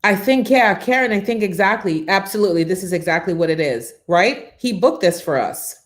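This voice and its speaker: A middle-aged woman hosting a live morning show, telling animated stories and greeting viewers by reading out their comments. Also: medium pitch, a little fast. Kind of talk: casual live-stream chat.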